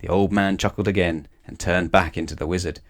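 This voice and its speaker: A man with a fairly low voice reads a children's bedtime story aloud. He tells it in a lively, expressive way, shifting his voice as the story goes. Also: a little fast. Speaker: storybook reader.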